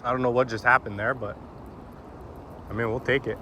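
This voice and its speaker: A man's voice: medium pitch, steady tone, a little fast, pauses often, bright, forceful tone, slight background noise. A man talking casually to his viewers while fishing outdoors on a river bank. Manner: chatty and informal, addressing viewers as "boys". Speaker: fishing vlogger. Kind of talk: casual vlog commentary.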